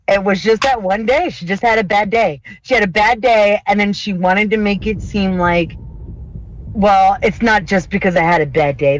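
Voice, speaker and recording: A woman's voice: medium pitch, no echo, rough recording. A woman co-host on a live-streamed chat show, speaking in an ordinary mid-range voice. She talks emphatically and bluntly, swearing freely and laughing often. Her voice is recorded close and dry, with no room sound. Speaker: podcast co-host.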